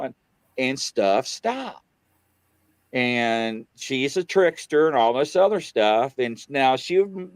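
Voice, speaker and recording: A man casually telling a story on a talk show, acting out the dialogue and jumping high in pitch when he gets excited. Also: clear, resonant tone, no echo. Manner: animated, acts out quoted dialogue, voice jumps high when excited. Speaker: guest on a paranormal talk show.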